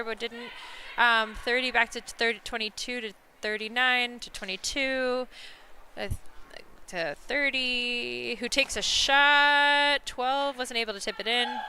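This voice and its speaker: Woman play-by-play caller, high and bright, excitable, talks straight to the viewers. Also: slight background noise. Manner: excitable, laughs and exclaims at big plays; chatty, talks to viewers watching online. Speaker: play-by-play commentator. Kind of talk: live sports commentary.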